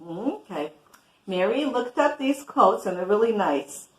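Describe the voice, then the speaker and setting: A woman's voice: medium pitch, lively intonation, measured pace. A woman in her sixties hosting a casual makeup show, talking through each step as she goes. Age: 60s. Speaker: show host doing a makeup tutorial. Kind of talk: casual makeup demonstration chat.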